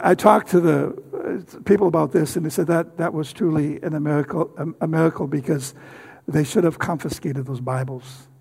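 An older man preaching a sermon with personal testimony, halting often with fillers and repeated words. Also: a little high, gravelly, darkish tone, slightly rough.

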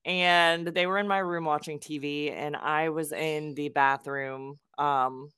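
Low-voiced woman telling a story. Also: fairly even intonation, a little slow, a bit bright, clear, resonant tone, dry recording, clean studio sound. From South Florida, US. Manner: chatty, laughs between sentences, plenty of ums. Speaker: podcast co-host. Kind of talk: casual storytelling chat.

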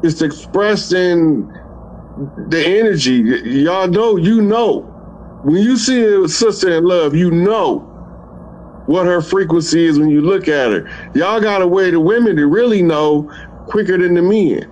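A man with a high voice gives a loose, folksy talk on love and energy. He speaks right to his listeners, easy and conversational. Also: animated, moderate pace, a little mellow, slight background noise, rough recording. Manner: folksy, talks straight to the listeners. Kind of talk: casual spiritual talk.

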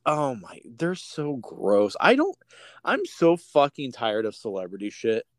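A man's voice: medium pitch, wildly swooping pitch, a little slow, dry recording, clean studio sound. Rambling, swearing male podcast co-host. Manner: rambling, swears freely, many restarts. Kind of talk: casual podcast chat.

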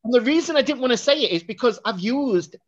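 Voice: medium pitch, expressive, fast. Rambling podcast co-host, muffled sound. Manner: rambling, lots of fillers and laughs. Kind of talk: casual film chat. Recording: dull lo-fi recording.

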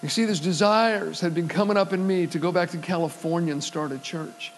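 A man's voice: high-pitched, fairly quick, a little hiss or hum, rough recording. A male pastor preaching a sermon, telling stories and acting out the voices of the people in them, building to emphatic preaching. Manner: storytelling, acts out quoted voices, swells to emphatic preaching.

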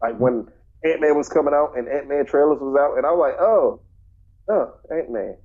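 A man's voice: a little high, steady tone, fast, a little mellow, dull audio. A man co-hosting a casual movie podcast, blunt and opinionated, who often repeats himself. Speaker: podcast co-host.

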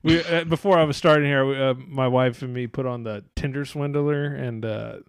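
A man's voice: mid-range voice, steady tone, normal speed, clean tone, no echo, studio quality. A man hosting a podcast in casual chat. He rambles, swears a lot and laughs often. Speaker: podcast host.

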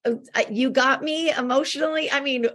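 A woman's voice: sits high, a little fast, fairly bright tone. A woman hosting a podcast interview, gushing and effusive as she praises her guest. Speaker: podcast host. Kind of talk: casual interview chat.

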